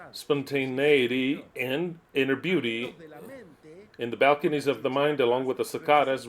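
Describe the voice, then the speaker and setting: A man preaching to his listeners in an earnest teaching style, repeating his points and reading aloud and explaining them. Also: medium pitch.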